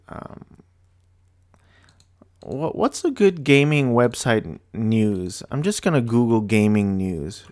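A young man talking alone on his show, hesitant and apologetic, sounding low and despondent with many restarts. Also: dry recording, clean studio sound. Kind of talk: rambling solo commentary.

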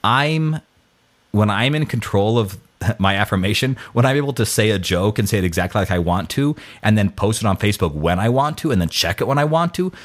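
A man's voice: on the low side, expressive, a little fast. A man talking casually about scripture and his own failings, self-deprecating, with many false starts and restarts. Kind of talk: casual faith talk.

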